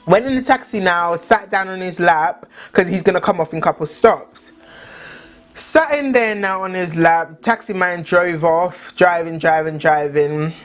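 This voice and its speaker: A woman's voice: lowish voice, moderate pace, soft background music. Chatty young woman. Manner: chatty, lots of "like" fillers. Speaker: vlogger. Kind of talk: casual storytime chat.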